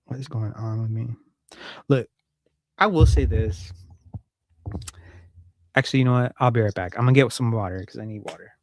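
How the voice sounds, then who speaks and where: A man's voice: medium pitch, moderate pace, long pauses, no room sound. A man hosting a casual live stream from home, rambling, swearing and joking with his audience. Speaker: livestream host.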